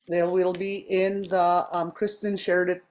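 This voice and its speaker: A woman teaching a language class over a video call, explaining step by step with frequent pauses and ums. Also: fairly low pitch, little pitch movement, a little mellow.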